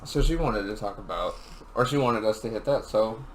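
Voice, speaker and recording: A man's voice: lowish voice, normal speed, poor audio. A young man co-hosting a casual podcast, crude and swearing often. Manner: crude, swears often, yells when in pain. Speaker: podcast co-host. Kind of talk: casual chat. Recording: faint background noise.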